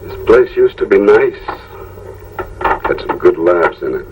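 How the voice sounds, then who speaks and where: An actor playing a determined cop who speaks slowly and threateningly in an old film. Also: male voice, lowish voice, very animated. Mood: grim. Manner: slow and threatening. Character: grim, determined middle-aged cop. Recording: old film sound, distant mic, faint noise.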